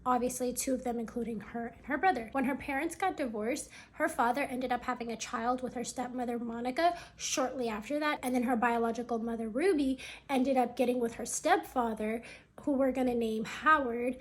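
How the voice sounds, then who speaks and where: A woman with a somewhat high voice narrates a family story in a relaxed storytime manner. She talks like she's chatting with a friend, sprinkling in casual fillers. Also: fairly quick.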